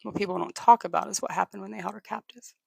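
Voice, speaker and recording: Telling a history story live, this streamer has a mid-pitched voice that's heavily gravelly and full of vocal fry. He stumbles along, often restarting and repeating words, in a steady tone while casually thanking viewers. The recording is dry and close-miked with no room echo.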